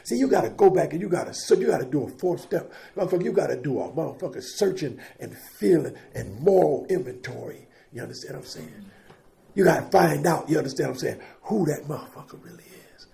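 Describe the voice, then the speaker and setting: A man's voice: a little high, expressive, fast talker, vocal fry, mellow. A middle-aged man giving a raw, profane recovery testimony as guest speaker, telling his story and calling out to the crowd.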